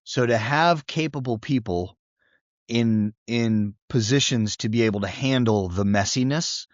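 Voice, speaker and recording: A man's voice: mid-range voice, measured pace, no room sound, highs cut off. A man co-hosting a podcast, telling a film story casually, acting out scenes and swearing now and then. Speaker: podcast co-host.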